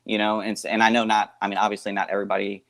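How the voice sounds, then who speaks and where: Casting note: male co-host, low voice, rambling, halting delivery. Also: monotone, creaky, a bit bright. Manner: rambling, halting, laughs easily. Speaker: guest co-host. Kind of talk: casual podcast banter.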